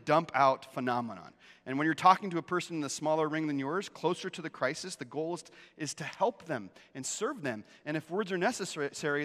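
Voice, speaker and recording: A middle-aged male pastor with a fairly high, slightly bright voice preaches a sermon in a church sanctuary, and the big hall echoes around him. He's emphatic, repeats key phrases, and often checks in with the congregation.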